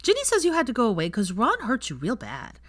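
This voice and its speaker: Lady doing a hyper little boy voice for an audiobook, high and bouncy, dry close mic. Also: no room sound. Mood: earnest. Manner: gushing, rushed questions, high and animated. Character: excitable six-year-old boy, chatty and eager. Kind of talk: audiobook character voice.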